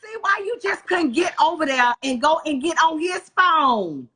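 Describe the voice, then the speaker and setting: A woman's voice: sits high, sing-song, moderate pace, fairly bright tone. A woman hosting a live stream show, gushing and effusive in casual chat.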